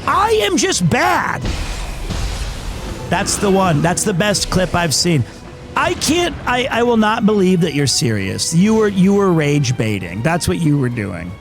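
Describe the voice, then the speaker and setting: A man's voice: sits high, wildly swooping pitch, unhurried, faint music behind. A man streamer chatting casually on a livestream, rambling through an anecdote and acting out the quotes.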